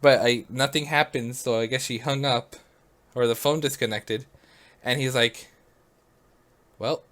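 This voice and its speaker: A man's voice: mid-range voice, steady tone, normal speed, fairly bright tone. Rambling man telling a story. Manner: rambling, lots of "like", laughs often. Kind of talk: casual storytelling.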